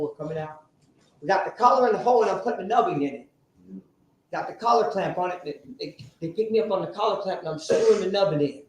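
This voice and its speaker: A man telling his recovery story to a live audience, animated and sometimes shouting. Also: high-pitched. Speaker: speaker sharing a recovery story. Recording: very echoey room, faint noise.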